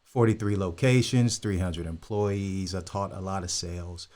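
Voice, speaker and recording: A deep-voiced older man from California talks casually as an interview guest. He rambles through his story with plenty of fillers and a relaxed, easygoing manner. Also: normal speed. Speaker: guest, insurance broker.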